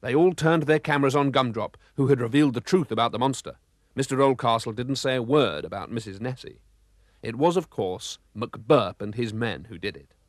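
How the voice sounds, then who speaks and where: A man narrating a children's storybook with a lively, expressive reading. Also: mid-range voice, no room sound, clean studio sound.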